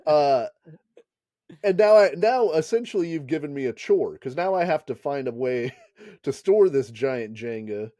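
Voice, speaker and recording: A man's voice: a little high, expressive, unhurried, dark tone, no room sound. A man co-hosting a podcast in casual chat, rambling and laughing often. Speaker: podcast co-host.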